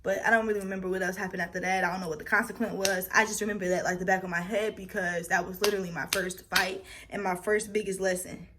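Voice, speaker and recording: A young woman vlogger telling a personal story in a casual, animated and profane way, acting out scenes as she goes. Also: medium pitch, fast, few pauses, noisy background.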